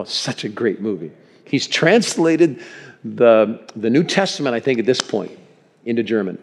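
A male pastor preaching a sermon in a church, animated and chuckling, calling for amens from the congregation. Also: medium pitch. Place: church sanctuary. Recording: long reverb in a church hall.

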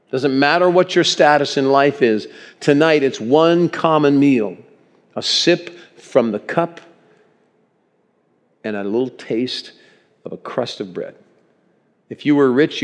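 A male pastor preaching a sermon in a church, animated and chuckling, calling for amens from the congregation. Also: medium pitch, a little slow. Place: church sanctuary. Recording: long reverb in a church hall.

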